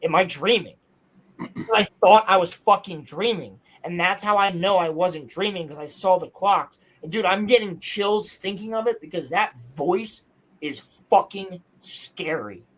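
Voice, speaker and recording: A young man telling a strange personal story in casual podcast chat, excitable, insistent and full of swearing. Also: high-pitched, measured pace, poor audio.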